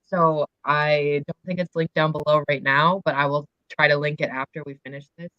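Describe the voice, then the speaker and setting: A young woman hosting a casual livestream book discussion, slightly croaky as she loses her voice, chatty and full of fillers. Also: sits low, fairly even intonation, normal speed, no echo, dull audio. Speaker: booktube host.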